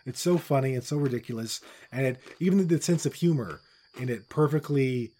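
A middle-aged man from with its holds forth in loose podcast chat. His voice is dark and mellow, and he rants bluntly, swearing freely as he goes. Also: mid-range voice, brisk. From Newfoundland, Canada. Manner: blunt, profane ranting. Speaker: podcast co-host. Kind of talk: casual chat.

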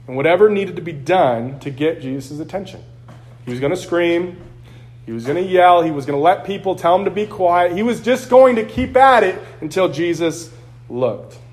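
A man's voice: sits high, a little mellow. A man preaching a sermon as pastor, earnest and conversational, acting out quotes along the way.

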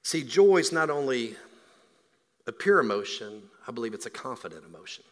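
A man preaching a sermon as a pastor, swinging from hushed, quiet lines to loud, emphatic build-ups. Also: medium pitch, big pitch swings, moderate pace. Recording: long hall reverb.

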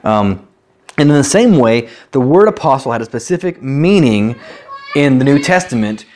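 A man's voice: mid-range voice, animated, moderate pace, a little mellow, slight background noise. A man teaching a Bible study as a pastor, explaining verses in a conversational way and asking rhetorical questions. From United States.

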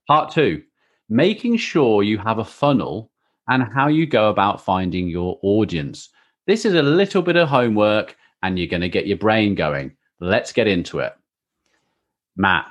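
A man hosting a podcast in casual chat, jokey and quick to tease his co-host. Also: fairly low pitch.

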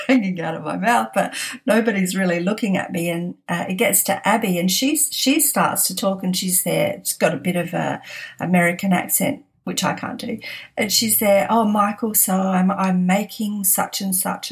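Chatty woman podcaster telling funny stories. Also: medium pitch. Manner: chatty, laughs often while telling stories. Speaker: podcast host. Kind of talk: casual anecdotal storytelling.

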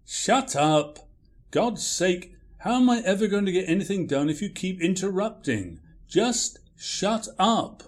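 A man's voice: sits high, expressive, normal speed. A man playing a curt, grumpy writer. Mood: irritated. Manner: gruff, curt, dry. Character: grumpy, irritable male writer named Kilter.

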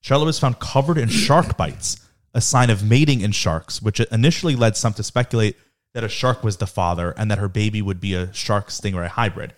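A young man with a fairly low voice talks briskly as he co-hosts a casual podcast. He reads news items aloud and trades jokes with his friends, laughing often.

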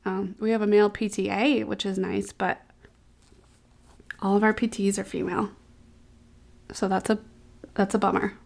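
A woman's voice: mid-range voice, little pitch movement, moderate pace, gravelly, pauses often. A woman hosting a casual solo podcast as a physical therapist, reading online posts aloud and reacting candidly with exclamations.

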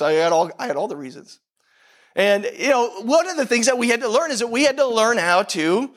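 A man's voice: high-pitched, a bit bright. A middle-aged man preaching a sermon as pastor, intense and emphatic, firing off rhetorical questions to the congregation.

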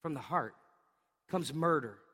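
A man's voice: on the high side, measured pace, husky. A man in his thirties preaching a sermon, telling a family story with lots of energy, laughing often and acting out the sounds his kids make. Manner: animated storytelling with bursts of acted-out sounds. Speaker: pastor. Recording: reverberant hall.

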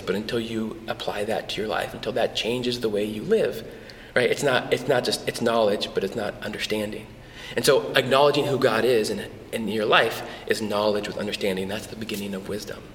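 A man preaching a sermon as a pastor, conversational and animated, with frequent restarts, in a church. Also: lowish voice, a little hiss or hum. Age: adult with a son. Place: church hall. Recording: echoey church hall with long reverb.

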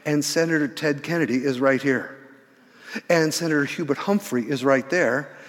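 A man in his sixties telling a story in a sermon, animated, often restarting his words. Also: fairly high pitch, moderate pace. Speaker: pastor. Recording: reverberant church hall.

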